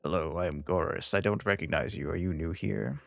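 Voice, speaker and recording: A man voicing a calm, courteous male scholar who speaks in a measured, lecturing way. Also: low-pitched, gravelly, voice pushed down.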